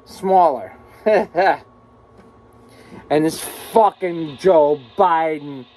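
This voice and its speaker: A vlogger delivers an angry, profane rant to the camera from a room at home, cursing nonstop and repeating himself in agitation. His voice sits on the high side with a darkish tone and a very slow pace. Slight background noise is present.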